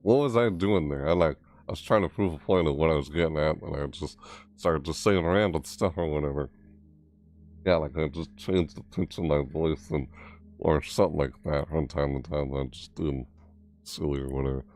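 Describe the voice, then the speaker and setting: Male streamer with an extremely deep, throaty voice, rambling and self-interrupting as he chats. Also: normal speed, darkish tone. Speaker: streamer reacting to game news. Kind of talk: casual live-stream chat.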